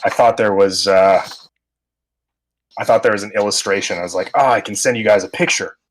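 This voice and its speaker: A man's voice: on the low side, brisk, slight background noise. A man narrating a tabletop horror game as game master, describing scenes with many ums and uhs.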